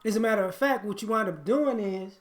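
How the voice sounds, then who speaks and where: A man's voice: sits high, a little fast. Preachy man lecturing on relationships. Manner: preachy, blunt, repetitive with frequent restarts. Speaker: relationship commentator.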